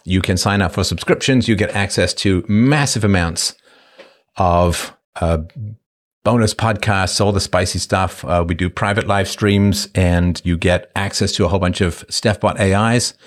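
Fifties male livestream host, low-ish voice, playful and jokey, casual chat. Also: moderate pace. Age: 50s. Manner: playful, jokey, slips into silly put-on voices.

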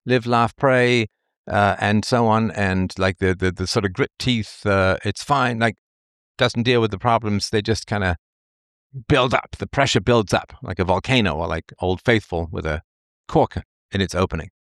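Male commentator, low voice, rambling and repetitive, dry close sound. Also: moderate pace, a bit bright, no room sound. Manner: dismissive asides. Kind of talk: opinion monologue.

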